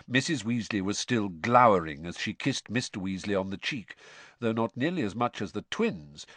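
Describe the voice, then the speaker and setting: A man reading a story aloud in an expressive, animated way. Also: low voice, dry recording. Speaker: narrator. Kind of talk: audiobook narration.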